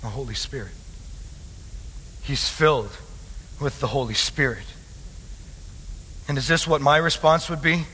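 A man preaching a sermon as pastor, calling his listeners loved ones and swinging between hushed tones and loud, emphatic passages. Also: medium pitch, measured pace, long pauses, a little hiss or hum. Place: church hall with a congregation. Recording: long hall reverb.

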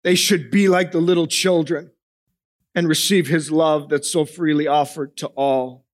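Pastor, male, high voice, emphatic sermon delivery that swings from raised to hushed. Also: steady tone, a little slow. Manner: asks the congregation questions.

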